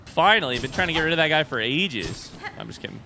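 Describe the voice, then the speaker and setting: A man's voice: a little high, animated, fast talker, gravelly, noisy background. A man streaming a video game, chatting casually with his viewers and swearing when he loses. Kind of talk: casual gameplay commentary.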